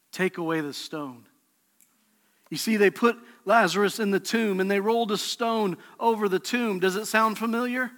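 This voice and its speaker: Pastor, male, high bright voice, passionate sermon delivery, long reverb of a large church hall. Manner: impassioned preaching, swings from soft to shouting.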